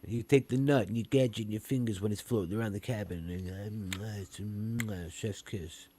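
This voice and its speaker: A man's voice: fairly low pitch, fairly even intonation, a little fast, warm tone, a little hiss or hum. A man co-hosting a comedy podcast, teasing and mocking in crude, casual banter. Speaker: podcast co-host.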